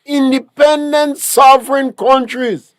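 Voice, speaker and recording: A man's voice: extremely high pitch, steady tone, slow pace, no room sound, studio quality. A man with a Grenadian accent, a talk show guest, lecturing emphatically with rhetorical questions. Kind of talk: political talk show discussion.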